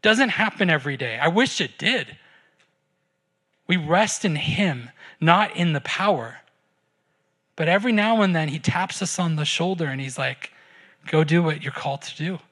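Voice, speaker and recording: A man's voice: on the high side, lively intonation, measured pace, pushed and bright. A man preaching a sermon and leading a closing prayer in a church, earnest and conversational, often repeating words as he starts a phrase. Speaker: pastor.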